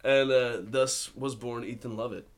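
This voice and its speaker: A man's voice: mid-range voice, steady tone, unhurried. A man, an actor guest in a casual interview, telling easygoing stories and laughing often. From born in Australia, raised in Colorado and Texas.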